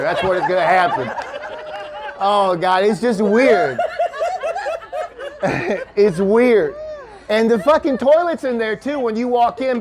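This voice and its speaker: A man from Kentucky doing a loose, profane stand-up set at a winery, chatting with the crowd and laughing at his own jokes. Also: high voice. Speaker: stand-up comedian. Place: winery comedy show before a live audience. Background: audience laughter.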